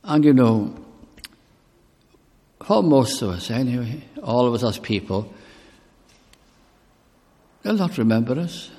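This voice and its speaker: A man's voice: lowish voice, takes it slowly, pauses often, darkish tone. A man preaching a sermon in an earnest, questioning manner, speaking straight to each listener. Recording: long reverb of a hall.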